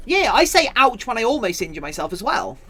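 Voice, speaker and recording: A woman's voice: on the high side, sing-song, fairly quick, sharp tone, faint music behind. A British woman streaming live, chatting playfully and mock-dramatically with her viewers while she crafts.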